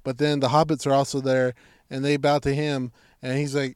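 A man's voice: mid-range voice, level tone, normal speed, smooth. A man in casual, profane banter who rambles through stories with many fillers.

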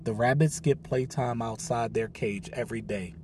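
A man reading the lines of a gentle, polite woman who works at an animal shelter. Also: mid-range voice, moderate pace, a little hiss or hum, natural voice.

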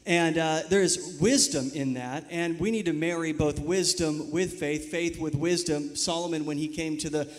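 A man who leads missions, speaking earnestly and in measured words about faith and wisdom. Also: a little high, fairly even intonation. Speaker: missions executive. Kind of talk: sermon-like reflection.

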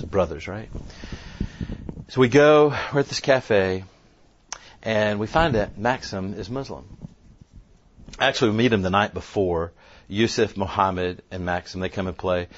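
A man speaking at a conference, telling a story in an animated way and quoting people as he goes. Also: lowish voice, unhurried, pauses often. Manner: animated, tells the story with quoted voices. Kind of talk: storytelling talk. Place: conference room. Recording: dull lo-fi sound, faint noise.

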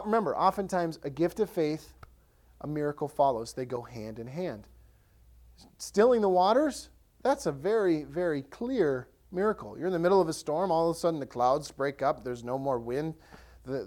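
A man with a slightly high voice preaches a sermon as a pastor, telling animated stories and acting out the voices of the people in them.

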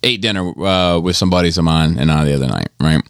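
A man's voice: low voice, fast, no room sound, clean studio sound. A man co-hosting a podcast, telling a long, profane story in casual chat, full of ums and you-knows. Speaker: podcast co-host.

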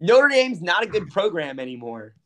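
A man's voice: high voice, very animated, normal speed. A man co-hosting a casual sports chat, arguing his take and stumbling over his words as he rambles. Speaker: podcast co-host.

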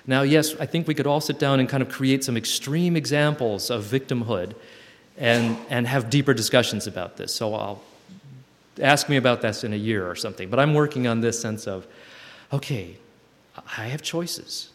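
A man's voice: mid-range voice, moderate pace. A man talking reflectively to a group, thoughtful and searching for words as he goes. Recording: long hall reverb.

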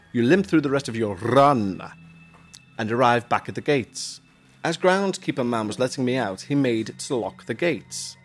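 A man's voice: medium pitch, breathy edge. Chatty man reading emails. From Huyton, Merseyside, England. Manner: chatty, jokey asides, self-mocking. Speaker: podcast co-host reading listener emails. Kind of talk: casual chat and reading emails aloud.

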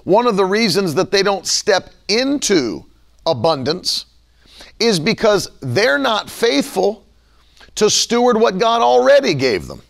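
A man preaching a sermon in an animated style, sometimes acting out the voices of people he quotes. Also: high voice, measured pace, gravelly.

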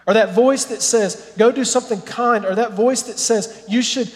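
A man with a high voice preaches to his church with animated, earnest energy. His words ring out with a long reverb from the hall. At times he drops to a soft, quiet prayer. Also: measured pace. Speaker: pastor. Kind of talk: sermon.

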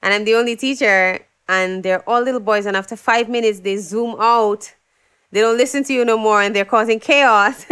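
A young woman, a singer being interviewed, telling stories in a lively way and acting out what people said. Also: medium pitch, clear, resonant tone. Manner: animated storyteller, acts out quotes, laughs often. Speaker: guest, singer. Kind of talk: casual interview chat.

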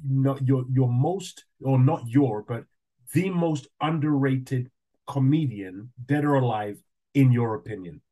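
A man hosts a casual interview in a mid-pitched voice. He asks questions in a chatty, friendly way. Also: a little slow, warm tone. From Nigeria. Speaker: podcast host.

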